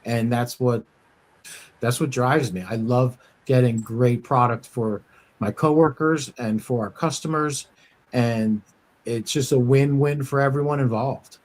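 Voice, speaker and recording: American guy chatting on a coin podcast, lots of ums and restarts, average pitch. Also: steady tone, a little slow. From United States. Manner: rambling, many fillers and restarts. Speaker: coin dealer podcast host. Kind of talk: casual shop talk podcast.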